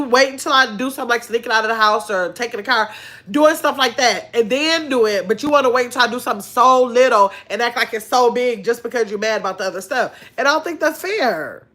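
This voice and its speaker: A woman's voice: fairly high pitch, bright, forceful tone. A middle-aged woman hosting a casual livestream chat, telling stories and reading viewer comments aloud with frequent laughter. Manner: chatty storyteller, reads viewer comments aloud, laughs often. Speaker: channel host.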